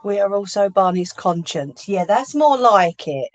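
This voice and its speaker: A woman's voice: medium pitch, animated, a little slow. A woman hosting a live sewing stream, chatting casually, teasing her viewers and reading out their comments. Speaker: craft livestream host.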